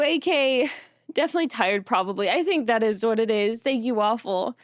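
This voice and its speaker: Young woman, high voice, dry close sound, teary, soft and thankful, nervous little laughs, casual stream chat. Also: lively intonation, normal speed, no echo. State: teary, on the verge of crying.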